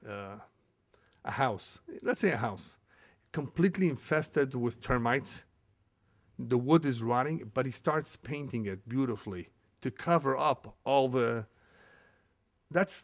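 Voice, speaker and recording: A man's voice: fairly high pitch, dry recording, studio quality. A man teaching a religious ethics lesson as a rabbi, telling stories with chuckles and Hebrew terms. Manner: lively storytelling, acts out quoted speakers, chuckles often; sprinkles Hebrew terms into English. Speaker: rabbi lecturer.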